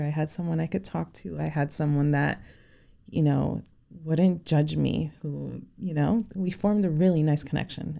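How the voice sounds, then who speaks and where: A woman speaks as a podcast guest in a low, heavily gravelly voice. She tells a personal story sincerely, pausing often and leaning on "you know". The tone is dark and mellow. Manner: sincere, halting, many "you know" fillers.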